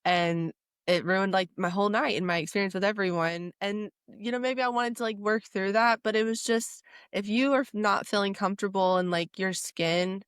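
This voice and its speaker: A woman's voice: mid-range voice, moderate pace, smooth, no echo, studio quality. A woman co-hosting a podcast in casual, enthusiastic chat, with lots of filler words. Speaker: podcast co-host.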